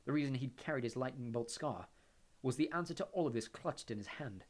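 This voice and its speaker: A male audiobook narrator reading a fantasy novel in a steady, measured way. His voice sits at an ordinary middle pitch.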